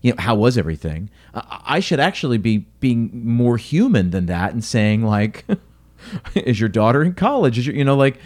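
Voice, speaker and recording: A man who works as a restaurant consultant, giving advice in an energetic, coaching way in casual conversation. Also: medium pitch, normal speed. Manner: energetic, coaching tone, quotes others.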